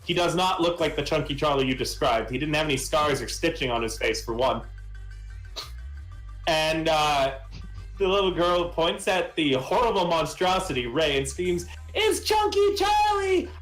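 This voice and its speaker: A man's voice: fairly high pitch, fairly bright tone, roomy sound, poor audio. A man narrating as game master of a tabletop game, rambling with restarts. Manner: rambling, many fillers and restarts.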